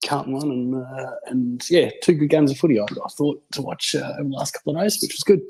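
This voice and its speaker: A man's voice: medium pitch, fast talker, darkish tone, husky. A man with an Australian accent hosting a casual fantasy football podcast, easygoing and matey, with hesitant restarts. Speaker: host.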